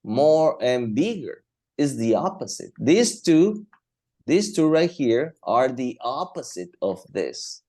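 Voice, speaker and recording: Slow, mellow-voiced male English teacher. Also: mid-range voice, very animated. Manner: slow, repetitive, thinking aloud. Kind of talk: classroom grammar lesson.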